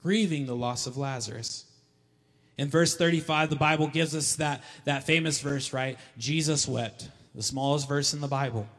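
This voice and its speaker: A male pastor preaching a sermon emphatically, repeating key lines and building to loud calls. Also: mid-range voice, moderate pace, faint music behind. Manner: emphatic, repeats lines for effect, rising to shouts. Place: church hall. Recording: long hall reverb.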